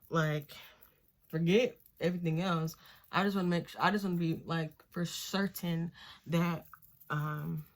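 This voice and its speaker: A young woman with a fairly low voice tells a personal story while doing her makeup at home. She talks in a chatty way, with lots of fillers, and acts out the voices of people she quotes. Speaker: beauty vlogger.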